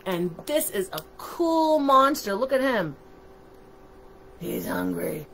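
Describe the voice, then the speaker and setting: A woman's voice: sits high, sing-song, measured pace, fairly bright tone, a little hiss or hum. A woman reading a picture book aloud to children on a livestream, chatty and asking her listeners questions, through a computer microphone. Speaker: storytime reader.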